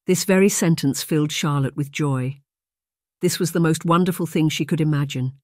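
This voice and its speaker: An audiobook narrator reading a historical romance in a steady, measured storytelling manner. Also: medium pitch, no echo, studio quality.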